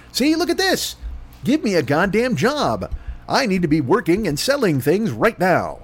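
A man's voice: high-pitched, wildly swooping pitch, brisk. A man hosting a comedy podcast, riffing through a profane, rambling ad read with a dry throat and mock announcer voices. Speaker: podcast host.

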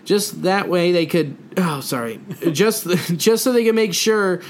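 A young man co-hosting a casual sports podcast, riffing jokes and roasting players with quick laughs. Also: high voice. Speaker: podcast co-host. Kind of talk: casual comedic roast chat.

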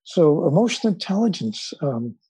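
A man, an author and guest, telling stories in an interview in a measured way with frequent fillers. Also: on the high side, big pitch swings, warm tone, slightly rough, dry recording, rough recording. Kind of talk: storytelling in an interview.

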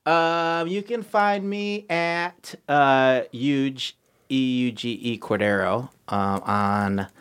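A man's voice: mid-range voice, slow, a bit bright, smooth. A man in his thirties, a podcast guest, chatting in a goofy, rambling way and laughing through his jokes. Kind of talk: casual comedic podcast chat.

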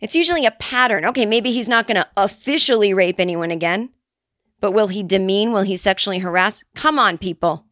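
A woman hosting a comedy podcast, ranting in a sarcastic, profane monologue and jumping into high mocking voices when quoting others. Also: lively intonation, brisk, fairly bright tone, no room sound, studio quality. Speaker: podcast host.

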